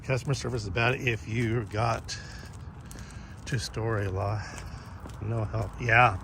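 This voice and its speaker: A man's voice: fairly low pitch, takes it slowly, noisy background. Rambling, profane man talking outdoors. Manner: rambling, profane, animated storytelling. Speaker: vlogger walking his dog. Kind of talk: casual chat to live viewers. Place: outdoors on a walk.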